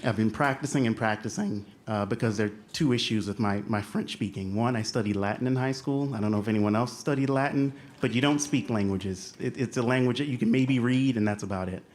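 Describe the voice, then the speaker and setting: A man's voice: medium pitch, a little fast, hardly any pauses, darkish tone. A young adult man from the United States with a light Southern American accent, telling a humorous, self-deprecating personal story on stage and acting out the voices he quotes.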